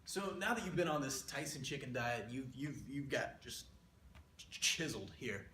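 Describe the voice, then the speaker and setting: A man's voice: mid-range voice, expressive, moderate pace, sharp tone, slight background noise. A man giving a comedic mock economics lecture, playful and rambling with exaggerated asides. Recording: roomy echo.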